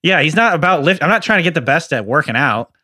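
A man's voice: fairly high pitch, sing-song, quick pace, bright, forceful tone, dry recording, studio quality. A man co-hosting a sports podcast in casual chat, easygoing and trailing off with fillers. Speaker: podcast co-host.

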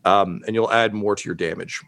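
A man's voice: fairly low pitch, brisk, gravelly, a bit bright. A man narrating as game master of a tabletop game, casual and profane, laughing often with many fillers.

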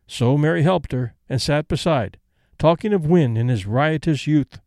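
A man's voice: fairly high pitch, moderate pace, darkish tone, dry recording. Man narrating a storybook, dry close sound. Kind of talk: audiobook narration.

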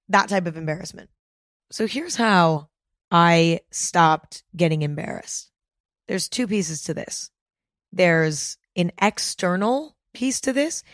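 A woman's voice: lowish voice, lively intonation, measured pace, fairly bright tone, dry recording. Woman giving direct podcast advice, dry sound. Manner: direct, coaching, checks in with listeners. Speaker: podcast host. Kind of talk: self-help podcast monologue.

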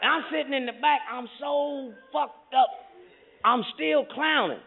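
A man's voice: very high-pitched, unhurried, vocal fry, narrow, tinny audio. A male stand-up comedian telling a profane story on a live stage, with rowdy punchlines. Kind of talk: stand-up routine. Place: live theater stage with audience.

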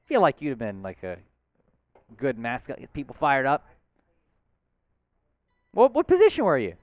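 A man hosting a live sports talk stream, excitable and shouting out supporters. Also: mid-range voice, moderate pace, no echo, soft background music. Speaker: host.

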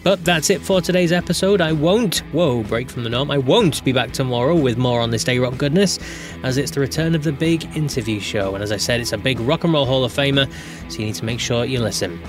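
A man's voice: mid-range voice, brisk, over music. A man hosting a daily classic rock podcast, reading a script with chatty, candid asides. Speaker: podcast host.

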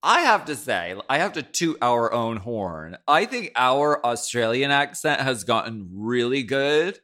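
Slow, lively-voiced joking man. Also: mid-range voice. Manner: playful, jokey, drawn-out delivery. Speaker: podcast co-host. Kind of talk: casual chat recapping a reality show.

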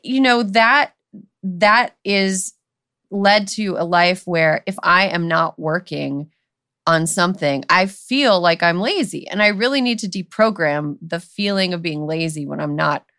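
A woman's voice: lowish voice, expressive, a little slow, a bit bright, dry recording, studio quality. A woman co-hosting a podcast, talking in a loose, rambling way with lots of "like" and "you know". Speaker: podcast co-host. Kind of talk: casual conversational chat.

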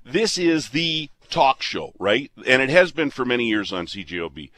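A radio host from Canada in his fifties, speaking in a plain middle-pitched voice. He talks earnestly and rambles, restarting his sentences often. The sound is that of a studio. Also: very animated, moderate pace, a bit bright. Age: 50s. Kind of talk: casual on-air chat.

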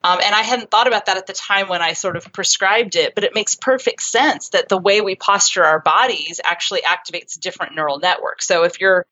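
Bright-voiced woman, dull lo-fi sound. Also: mid-range voice, fairly quick, hardly any pauses. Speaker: psychotherapist and author guest. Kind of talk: conversational storytelling.

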